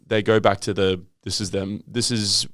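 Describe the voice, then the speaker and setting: A man with a fairly low voice chats easily and jokes around on a podcast. The recording is dry and close. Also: flat delivery, moderate pace, fairly bright tone, no room sound. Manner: chatty, mock-voicing, joking. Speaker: podcast co-host. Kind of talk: casual chat.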